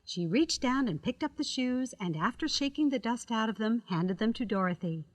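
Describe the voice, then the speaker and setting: A woman narrating a children's storybook record in a measured, expressive, scripted style. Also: on the high side, in a large hall.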